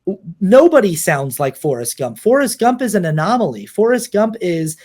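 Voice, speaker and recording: A man's voice: sits high, sing-song, normal speed, darkish tone. A young man co-hosting a podcast, talking casually about a film with many restarts. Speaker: podcast co-host.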